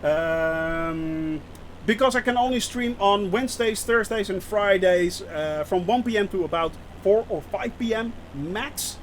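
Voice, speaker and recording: High-voiced giggly male streamer. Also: a little slow, slight background noise. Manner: rambling, giggly, talks to chat. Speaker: flight sim streamer. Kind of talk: live-stream chat with viewers.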